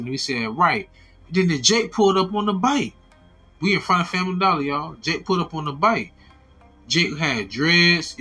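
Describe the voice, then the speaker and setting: Husky-voiced man telling a story. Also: a little high. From Alabama. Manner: animated, acts out quoted voices, repeats "I said". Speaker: storyteller giving a testimony. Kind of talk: casual spoken testimony.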